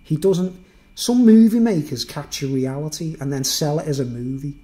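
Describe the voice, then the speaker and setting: A man's voice: on the high side, moderate pace, mellow. Chatty man telling a story. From Birkenhead, England. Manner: rambling, chatty, peppered with "right?" and "man". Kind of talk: casual storytelling monologue.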